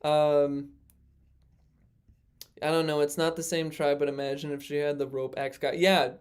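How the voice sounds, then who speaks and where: A man's voice: a little high, flat delivery, moderate pace, clean tone. A man hosting a casual livestream, rambling with lots of fillers and joking at his own expense. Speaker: livestream host.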